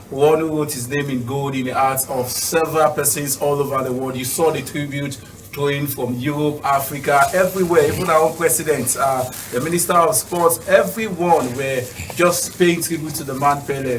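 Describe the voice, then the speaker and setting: A man's voice: a little high, a bit bright. A man speaking as a football pundit, hesitant and prone to repeating his words. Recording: distant mic with faint noise.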